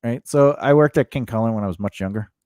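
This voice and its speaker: A man's voice: medium pitch, fast, darkish tone, no room sound, studio quality. A man co-hosting a podcast, telling a story in casual chat. He acts out the quoted dialogue and laughs often as he goes. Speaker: podcast co-host.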